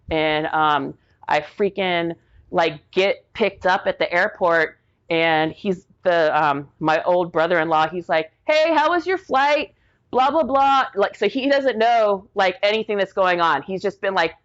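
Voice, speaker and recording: An animated middle-aged woman recounts a personal story on a podcast, leaning on "like" and acting out what people said. Her voice sits a little low. The audio is dull and lo-fi. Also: a little slow. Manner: animated, acts out quotes, frequent "like" fillers. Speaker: guest.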